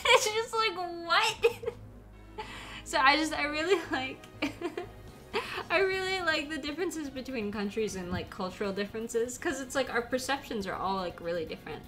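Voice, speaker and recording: A young American woman with a fairly high, sharp voice chats casually while streaming a game. She rambles and giggles often, laughing a lot as she plays.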